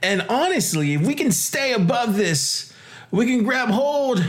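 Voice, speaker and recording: A man hosting a casual crypto podcast, hyped and joking, laughing often and jumping into high exclamations. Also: very animated, measured pace. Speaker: podcast host.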